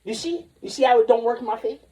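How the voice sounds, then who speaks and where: A man's voice: extremely high pitch, racing, mellow, distant mic. A man in his forties ranting in a rambling, profane way on a livestream, jumping between topics. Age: 40s.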